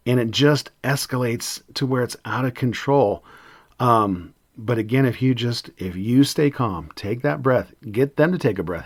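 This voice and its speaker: A man hosting an educator's podcast, talking in a calm, steady, conversational way with frequent ums. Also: mid-range voice, normal speed, no room sound, studio quality. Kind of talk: reflective podcast monologue.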